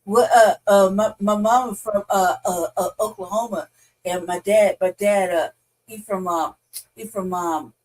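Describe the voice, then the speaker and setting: Woman co-host, mid-pitched, blunt and profane, loose and rambling delivery. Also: fairly even intonation, a little slow, darkish tone, rough recording. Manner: blunt, swears freely, frequent restarts. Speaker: podcast co-host. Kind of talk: casual chat.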